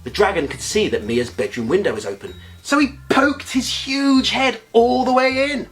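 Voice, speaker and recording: A man narrating a bedtime story in a playful, expressive way, with comic asides. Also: high-pitched, moderate pace, soft background music.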